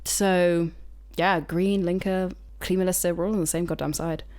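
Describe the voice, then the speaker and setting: A woman's voice: lowish voice, fairly even intonation, a little slow, darkish tone. A woman from the United Kingdom, a climate activist guest, chatting casually on a podcast, frank and rambling, swearing freely. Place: indoor recording.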